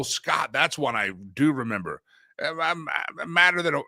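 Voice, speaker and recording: A man's voice: mid-range voice, expressive, measured pace, vocal fry, sharp tone, dry recording, studio quality. A man hosting a casual live talk show, chatty and folksy, chuckling as he reads out viewers' sayings. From Southern United States. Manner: chatty, folksy, laughs often.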